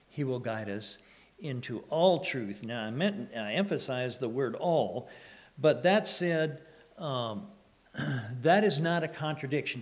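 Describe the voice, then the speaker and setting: A man preaching a sermon, halting often to clear his throat and using fillers, and reading scripture aloud in a raised, measured voice. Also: mid-range voice.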